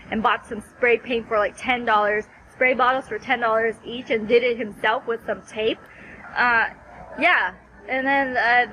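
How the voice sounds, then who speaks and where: A woman with a fairly high voice recaps her day in a casual vlog, rambling with energy and packing her story with "like" and quoted asides. The audio is poor, with a faint hiss of background noise under her voice.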